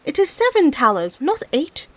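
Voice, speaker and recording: A woman's voice: a little high, big pitch swings, normal speed, no room sound. A woman doing a stubborn, scolding old peasant. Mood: indignant. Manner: indignant scolding and grumbling. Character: stubborn, hot-tempered old peasant man.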